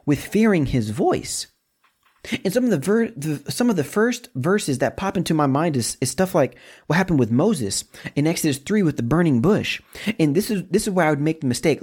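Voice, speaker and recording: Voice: medium pitch, a little mellow, slightly rough. A preacher giving a conversational sermon in an informal, casual way, often repeating words and slipping into slang.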